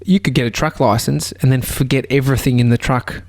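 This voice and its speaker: A man's voice: mid-range voice, steady tone, a little fast, no room sound, clean studio sound. An Australian man co-hosting a casual podcast, talking bluntly and laughing easily. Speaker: podcast co-host. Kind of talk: casual chat.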